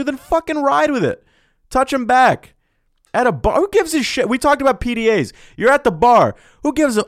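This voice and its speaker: A man's voice: high-pitched, no echo, clean studio sound. Brash, profane young man ranting advice. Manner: profane, blunt, excitable, reads listener emails aloud. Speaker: podcast host answering listener questions. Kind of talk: crude comedic advice rant.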